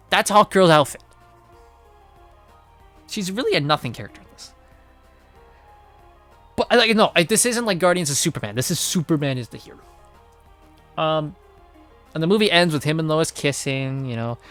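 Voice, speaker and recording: A man's voice: a little high, animated, normal speed, long pauses, a bit bright, soft background music. Rambling, profane man reviewing a film. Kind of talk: casual spoken movie review.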